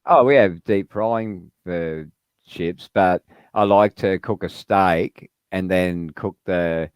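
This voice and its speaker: An Australian man with a very low, deep voice rambles through a casual livestream chat. He swears offhandedly and keeps circling back to his point. The sound is dry and close, with no room around it. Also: slow, clean tone, no room sound. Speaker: livestream co-host.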